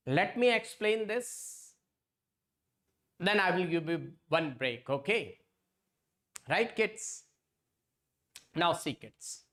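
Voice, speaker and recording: A man's voice: sits high, animated, slow pace, long pauses, a bit bright. A man teaching an online exam-prep lecture. He repeats points again and again and keeps calling his students kids.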